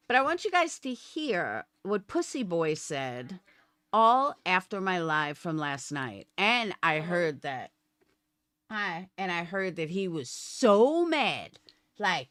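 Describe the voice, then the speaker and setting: A woman's voice: on the low side, fairly bright tone, no echo, studio quality. A woman live streamer ranting at her viewers, profane and combative. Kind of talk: livestream rant.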